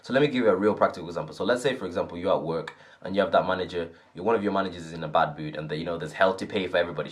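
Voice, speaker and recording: Man, low-pitched, earnest, casual self-help talk, repeats "right?". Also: racing, few pauses. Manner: earnest, repetitive, often asks "right?".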